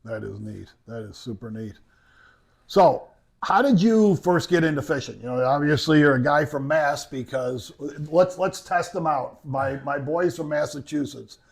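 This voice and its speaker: A man's voice: fairly high pitch, creaky, slightly rough. A man from the Buffalo area in Western New York, hosting a casual fishing interview with easy enthusiasm. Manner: enthusiastic, quick to laugh. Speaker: interview host.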